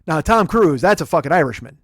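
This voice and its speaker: Fast-talking profane man, dry close sound. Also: a little high, big pitch swings, dry recording. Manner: profane, rambling, jokey storytelling. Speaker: podcast host. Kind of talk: casual comedic chat.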